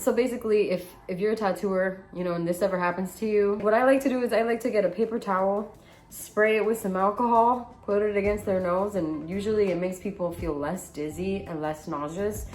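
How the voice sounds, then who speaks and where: A woman's voice: mid-range voice, a little fast. A young woman, a tattoo artist, telling stories in a casual vlog and acting out the voices of the people in them. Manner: animated storyteller, reenacts voices.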